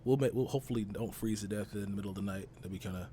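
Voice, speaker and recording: A man's voice: fairly low pitch, very fast, warm tone, slight background noise. A man from Texas hosting a casual gaming podcast, talking loosely and rambling with easy laughs. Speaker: podcast host.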